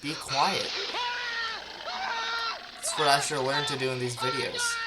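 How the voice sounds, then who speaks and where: A man's voice: mid-range voice, wildly swooping pitch, a little slow, very noisy. A man giving casual let's-play commentary, chatting and talking back at the game as he plays. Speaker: gamer.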